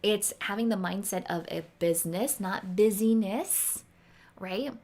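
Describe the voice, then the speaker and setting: A woman chatting casually as a guest expert on a live stream, animated and playful, acting out little voices in her stories. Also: mid-range voice, measured pace.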